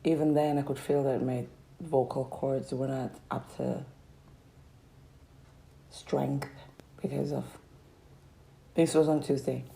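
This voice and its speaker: A woman's voice: very deep voice, steady tone, slow pace, creaky, long pauses, dark tone, slight background noise, rough recording. A young woman vlogging a casual, meandering life update, her throat sore and strained from talking. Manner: meandering, reflective, trailing off.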